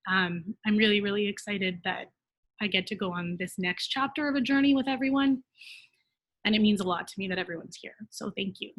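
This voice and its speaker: A woman hosting a video call thanks everyone in a short, grateful speech as a new lawyer. Her voice sits at a middle pitch. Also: brisk, a bit bright.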